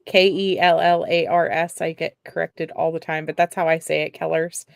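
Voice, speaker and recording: A woman's voice: sits low, level tone, moderate pace, gravelly, clean tone, no echo. A woman co-hosting a livestream, chatting casually and teasing in a rambling way. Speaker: livestream co-host. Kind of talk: casual chat.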